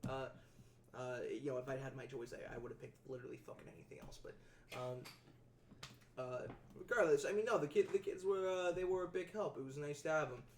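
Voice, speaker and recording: A man's voice: mid-range voice, fairly even intonation, fairly quick, slight background noise. A man playing a tabletop role-playing game, rambling in character as a laid-back shop owner who swears freely. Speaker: tabletop player. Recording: echoey room.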